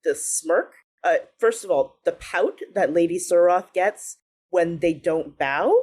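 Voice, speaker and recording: Woman, low-ish voice, casual podcast chat, enthusiastic, laughs a lot. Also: slow, a little mellow, slightly rough. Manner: enthusiastic, chatty, laughs often. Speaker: podcast co-host.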